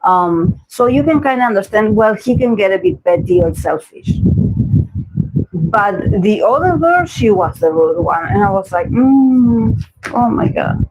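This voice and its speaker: A man's voice: high voice, expressive, normal speed, slight background noise, rough recording. A man from Argentina with an Argentine Spanish accent, a tarot reader giving rambling, opinionated commentary in a casual livestream chat.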